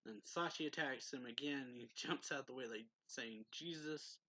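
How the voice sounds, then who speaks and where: A man's voice: mid-range voice, sharp tone, no room sound. A man recapping a manga chapter in a loose, chatty way, full of "like" and "um" as he retells each scene. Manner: loose and chatty, heavy use of "like" and "um", quick laughs. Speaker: manga reviewer. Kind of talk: casual plot recap review.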